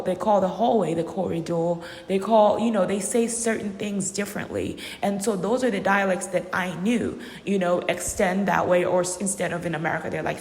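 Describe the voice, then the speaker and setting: Emphatic woman in an echoey room. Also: fairly low pitch. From Uganda. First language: not English. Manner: emphatic, repeats phrases for stress. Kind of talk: personal monologue. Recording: echoey room with long reverb.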